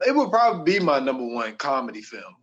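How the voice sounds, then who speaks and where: A man's voice: mid-range voice, sing-song, fast talker, fairly bright tone, muffled recording, slight background noise. A man co-hosting a podcast, chatting casually at an easygoing pace and often restarting his sentences. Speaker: podcast co-host. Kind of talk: casual chat.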